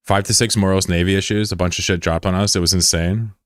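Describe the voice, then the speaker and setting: Deep-voiced sarcastic young man streaming. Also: steady tone, fast, dry recording, studio quality. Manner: joking, sarcastic, rambling. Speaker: game streamer. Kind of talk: casual livestream chat.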